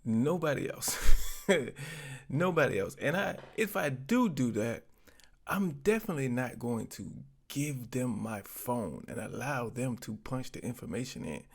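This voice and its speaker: A man hosting his own channel, commenting in a relaxed, conversational way with informal grammar. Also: mid-range voice, measured pace, vocal fry, breathy edge. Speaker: channel host. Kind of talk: casual commentary to camera. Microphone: webcam.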